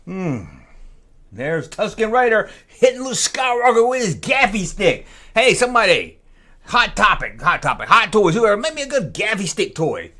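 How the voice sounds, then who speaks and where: A middle-aged man rambling excitedly to himself while he flips through an old magazine and reads bits aloud. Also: high-pitched, moderate pace. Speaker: collector flipping through a vintage magazine. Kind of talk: casual unscripted commentary.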